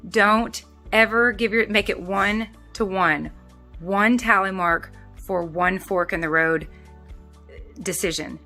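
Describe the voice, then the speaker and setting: A woman's voice: medium pitch, slow, bright, forceful tone, faint music behind. A woman talking straight to her viewers in a casual vlog, chatty and rambling, restarting sentences often. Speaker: vlogger.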